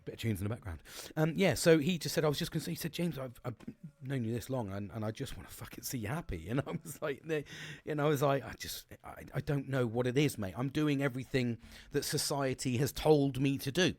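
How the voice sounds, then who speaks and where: A man's voice: medium pitch, a little fast, darkish tone, no room sound. A young man, talking in a rambling, sweary, casual monologue full of restarts. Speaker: podcast host.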